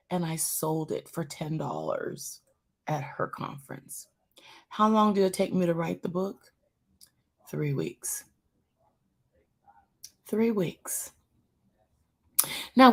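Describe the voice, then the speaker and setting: A woman tells a testimony to her church audience in a lively voice that rises and falls widely. She is animated and speaks straight to her listeners, repeating phrases for emphasis. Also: lowish voice. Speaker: church first lady hosting a live show.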